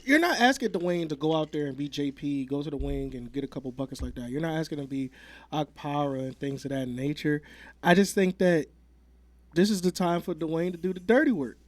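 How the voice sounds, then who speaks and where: A man's voice: a little high, fairly quick, dry recording. A man co-hosting a sports talk show, emphatic and repeating his points for stress. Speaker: sports co-host.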